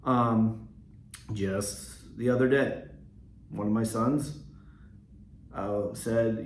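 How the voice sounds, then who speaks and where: A man's voice: fairly low pitch, fairly even intonation, a little mellow, slight background noise. Earnest man talking in an echoey room. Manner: earnest, measured, with frequent ums and restarts. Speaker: podcast host, Catholic school leader. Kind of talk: reflective solo talk.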